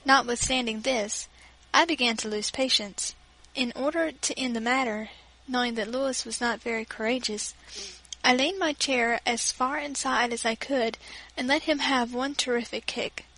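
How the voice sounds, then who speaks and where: A woman reading an old-fashioned children's story aloud, in a measured, gentle way. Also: a little high, low-quality recording. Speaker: reader.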